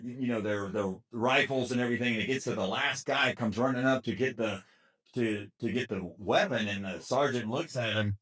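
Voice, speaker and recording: A man at a family gathering telling a long joke, acting out the characters with lively sound effects. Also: mid-range voice. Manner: animated storyteller acting out characters. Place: outdoors at a family reunion.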